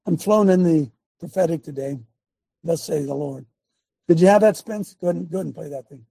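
A man's voice: fairly high pitch, brisk, vocal fry, warm tone, breathy edge, no room sound. A man preaching casually on a live show, folksy and emphatic, calling out to his tech crew.

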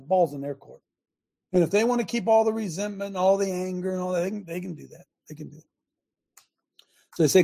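An older man preaching with fervor on a talk show, his voice pitched high for a man. The tone is dark and mellow with a husky edge. He swings from forceful declarations to low, confiding asides. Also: brisk, long pauses. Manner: fervent, emphatic, swings between loud and quiet. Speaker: show host, former football coach. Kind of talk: impassioned preaching rant.

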